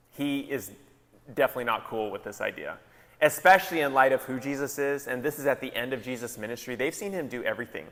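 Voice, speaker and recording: A man, a pastor, giving a casual, joking sermon with lively retellings. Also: medium pitch, a little fast, in a large hall. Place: large hall.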